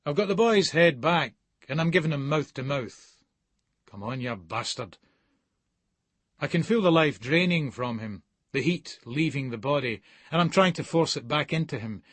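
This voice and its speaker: A man's voice: mid-range voice, fairly bright tone, husky, dry recording. A man with a Scottish accent reading a gritty first-person novel in a sardonic storytelling manner. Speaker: audiobook narrator.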